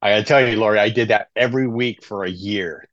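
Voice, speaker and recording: A middle-aged man with a fairly low voice tells his story as a podcast guest, casual and chatty, and keeps checking in with "right?". The recording sounds dull and lo-fi. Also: fast talker, fairly bright tone. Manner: conversational, often tags sentences with "right?". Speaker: podcast guest, life coach in recovery.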